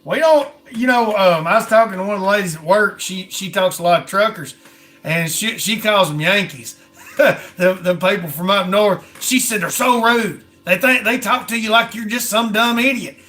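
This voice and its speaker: A man talks in an easy, folksy way, full of "ain't" and "I mean". His voice sits high and rings bright and forward. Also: normal speed. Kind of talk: casual chat.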